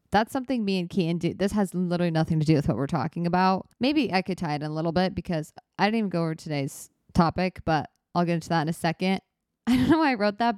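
A woman's voice: on the low side, darkish tone, no room sound, studio quality. A woman in her twenties hosting her own podcast, talking in a candid, rambling, self-reflective way. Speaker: podcast host. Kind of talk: casual solo podcast talk.

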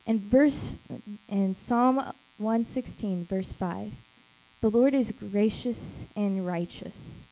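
A woman's voice: mid-range voice, slow, dark tone, clear, resonant tone, rough recording. A woman who leads a small group, giving an emphatic church teaching talk. She repeats key phrases and acts out quoted lines.

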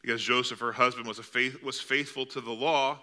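A man's voice: mid-range voice, fairly even intonation, fairly quick, bright, forceful tone. A male pastor preaching a sermon in a church, telling a story with vivid, dramatic delivery. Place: church sanctuary.

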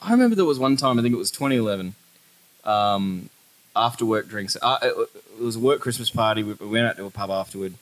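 A man's voice: on the low side, expressive, quick pace, rough recording. A man in his thirties with an Australian accent, a podcast co-host telling stories in casual chat, swearing freely and breaking into laughter.

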